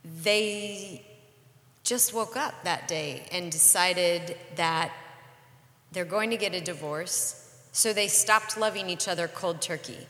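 Co-host: woman in her 40s, bright and earnest, candid storyteller, roomy reverberant sound. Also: fairly low pitch. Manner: earnest, reflective, measured. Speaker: podcast co-host.

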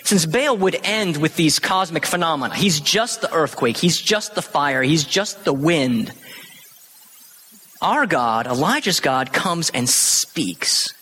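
Animated pastor in an echoing hall. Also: male voice, a little high, slow, slightly rough. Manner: animated teaching, acting out quoted lines. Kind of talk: sermon. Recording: long hall reverb.

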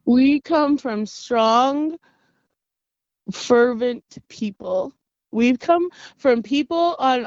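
A woman in her thirties, from the Navajo Nation, telling personal stories in an interview with an earnest, halting manner. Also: on the high side, dry recording, highs cut off. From Navajo Nation, US Southwest. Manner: earnest, halting, with frequent restarts and laughs. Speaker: interview guest. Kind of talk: reflective personal storytelling.

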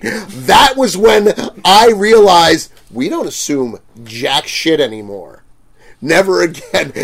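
A man's voice: a little high, gravelly. A man casually telling a story about a rude customer at his convention booth, acting out the quotes, swearing and laughing often.

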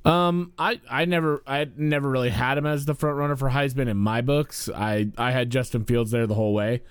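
A man co-hosting a sports podcast, talking in an animated, casual way and swearing freely. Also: medium pitch, a little fast, clean tone, no echo. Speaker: podcast co-host.

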